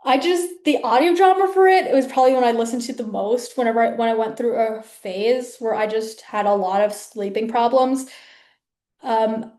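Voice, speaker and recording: A woman's voice: on the high side, moderate pace, darkish tone. A woman hosting her own video, talking casually and rambling with many fillers and restarts. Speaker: video host. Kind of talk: casual rambling talk to camera. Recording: echoey room.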